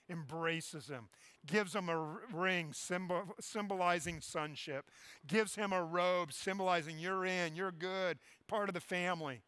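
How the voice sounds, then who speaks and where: A man preaching a sermon with passion, dropping to soft, quiet tones for emphasis. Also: on the high side, no room sound. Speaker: pastor.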